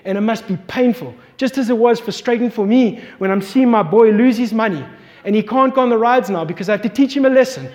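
A man in his thirties preaching a sermon, telling a family story in an animated way as a pastor. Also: extremely high pitch, fast talker, muffled recording. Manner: animated storyteller, voice climbing when excited. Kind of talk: sermon with personal anecdote. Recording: long reverb from a large hall.

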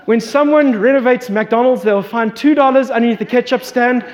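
A man in his thirties preaching a sermon, telling a family story in an animated way as a pastor. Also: extremely high pitch, moderate pace. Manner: animated storyteller, voice climbing when excited. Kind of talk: sermon with personal anecdote. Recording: long reverb from a large hall.

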